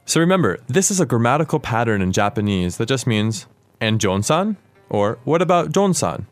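A man hosting a podcast language lesson, explaining words clearly and asking his co-host questions. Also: mid-range voice, big pitch swings, normal speed, dry recording, faint music behind.

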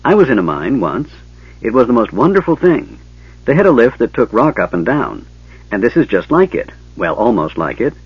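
A man voicing a curious, hyperactive male kender who chatters excitedly. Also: mid-range voice, husky, no echo, heavily acted. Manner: rapid excited chatter, breaks into giggles. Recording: dull lo-fi tape, dry.

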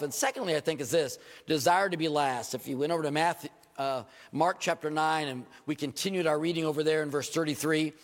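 A man with a twang preaches from the pulpit, his somewhat high voice ringing through a church sanctuary with a long echo. He keeps asking the congregation questions and pokes fun at himself as he goes. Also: gravelly. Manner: animated preaching with rhetorical questions and self-deprecating humor. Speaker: pastor. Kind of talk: sermon. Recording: long reverb of a church hall.

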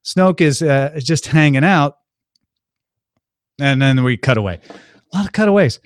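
A man casually recapping a film as a podcast host, breezy and jokey, often slipping into quick impressions of the characters. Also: a little high, lively intonation, dry recording, studio quality.

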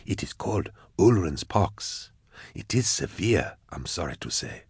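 A man voicing a gentle, calm male hospice carer in robes, speaking softly and soothingly in an audiobook reading. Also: low voice, measured pace, breathy edge, no echo, clean studio sound, heavily acted. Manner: soft-spoken, calm, soothing.

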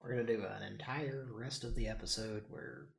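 A man's voice: lowish voice, steady tone, fairly quick, creaky. A man hosting a live show, chatting casually with crude jokes and banter. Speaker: podcast host. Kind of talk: casual live-stream chat.

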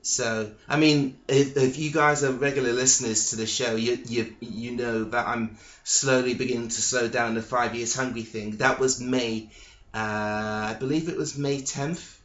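A man hosting a solo podcast, talking casually in a halting, hesitant way, full of ums, restarts and swearing. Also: medium pitch, steady tone, fairly bright tone. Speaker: podcast host. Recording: echoey, dull lo-fi room recording.

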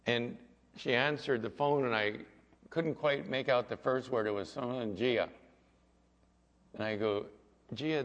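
A male pastor preaching a sermon and telling a story, moving between loud passages and hushed ones. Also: medium pitch, gravelly. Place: church sanctuary. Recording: echoey hall, dull lo-fi sound.

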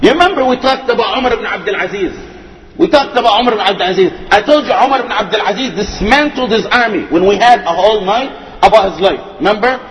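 A man preaching a storytelling sermon in an impassioned, emphatic way, speeding up and slowing down as he tells the stories. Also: high voice, a bit bright, a little hiss or hum. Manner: impassioned, emphatic, varied pace. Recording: echoey hall.

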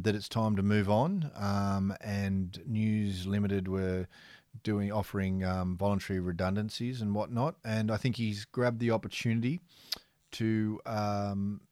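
A man's voice: lowish voice, a little mellow, dry recording, studio quality. An Australian man, a sports photographer, chatting on a podcast in a laid-back, matey, rambling way. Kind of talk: casual podcast chat.

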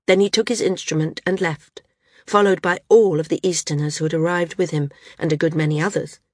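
A woman narrating a novel audiobook in a steady storytelling manner. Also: lowish voice, fairly quick, dry recording. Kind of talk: scripted narration.

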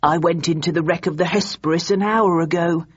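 A woman voicing an elderly, absent-minded male inventor in an audiobook, speaking slowly and gently in a lowered, husky voice. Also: fairly even intonation, lo-fi sound. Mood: calm. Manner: slow, measured and mild.

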